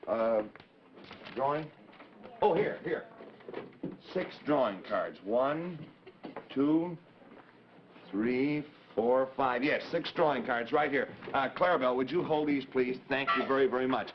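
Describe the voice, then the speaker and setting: A man's voice: medium pitch, unhurried, pauses often, slight background noise. Friendly guy running an old kids tv show, chatting with the children, muffled vintage sound. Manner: genial, fussy, talks to kids in audience. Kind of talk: live children's TV hosting. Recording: dull 1950s TV broadcast audio.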